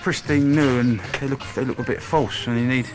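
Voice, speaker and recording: A middle-aged man speaking in an interview, earnest and halting, often restarting his sentences. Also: medium pitch, steady tone, over music. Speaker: former criminal interviewee.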